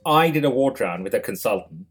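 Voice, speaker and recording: Doctor telling lively anecdotes. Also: male voice, medium pitch, a little fast, breathy edge, faint music behind. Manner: animated anecdote teller, acts out dialogue. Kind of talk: casual storytelling chat.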